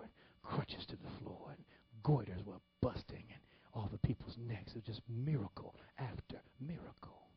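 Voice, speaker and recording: Husky preacher telling stories. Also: male voice, fairly low pitch, lo-fi sound. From Detroit, Michigan. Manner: animated storytelling, swings from loud exclamations to hushed whispers. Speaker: pastor. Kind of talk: sermon storytelling.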